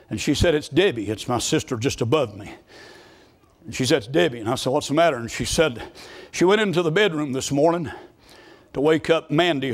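Preacher guy, middle-aged, storytelling that builds to loud fervent shouting. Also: medium pitch. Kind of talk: fiery sermon.

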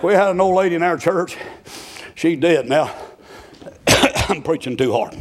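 A man preaching a sermon, shouting and chanting with folksy stories, short of breath. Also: a little high, lively intonation, moderate pace, crowd noise.

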